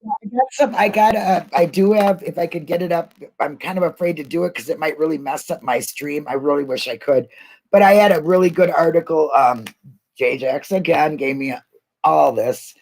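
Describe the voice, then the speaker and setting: A woman's voice: low-pitched, normal speed, darkish tone, low-quality recording. A woman co-hosting a livestream in casual chat, rambling and joking and laughing often. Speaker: co-host of a livestream.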